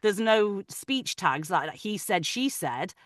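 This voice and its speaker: A woman who narrates audiobooks, talking about her craft in an animated, chatty way with frequent restarts. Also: mid-range voice, takes it slowly, dry recording, clean studio sound. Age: adult, parent of older children. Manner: animated, talkative, many restarts. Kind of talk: casual interview chat.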